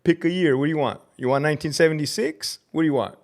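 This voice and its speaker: Swearing man ranting on a live stream. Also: fast talker. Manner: swings from loud outbursts to low muttering, heavy swearing. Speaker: livestreamer and prison officer. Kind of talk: profane live-stream rant.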